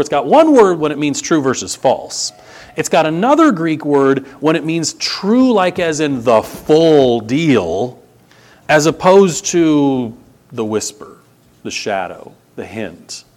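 A man preaching a sermon, animated and conversational, with asides to the congregation. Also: mid-range voice. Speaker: pastor.

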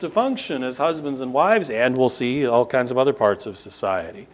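A man's voice: expressive, normal speed, few pauses. A middle-aged male pastor preaching a sermon. He teaches the congregation emphatically and repeats words for stress. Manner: emphatic, rises to sharp high bursts and repeats "no, no, no"; teaching, explains Greek grammar to the congregation.

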